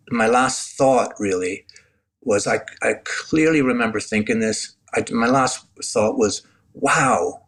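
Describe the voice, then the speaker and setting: A man, a podcast guest candidly telling his personal testimony with halting restarts and self-deprecating asides. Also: mid-range voice, fairly bright tone. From Northern Ireland.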